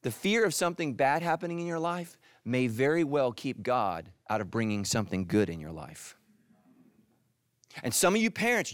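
A middle-aged male pastor preaching a sermon, animated, dropping into soft intense asides. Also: moderate pace, no echo. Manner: animated, voices quoted characters with jumps in pitch.

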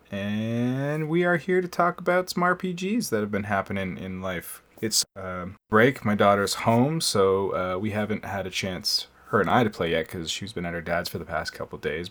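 Chatty low-voiced male podcast host. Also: a bit bright. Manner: chatty, laughs often. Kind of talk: casual podcast chat.

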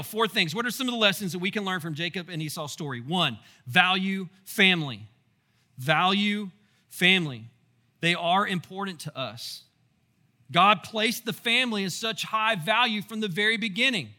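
Pastor guy preaching, high bright punchy voice, chatty stories and "right?" asides. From Texas. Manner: animated, storytelling with asides and rhetorical questions. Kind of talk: sermon.

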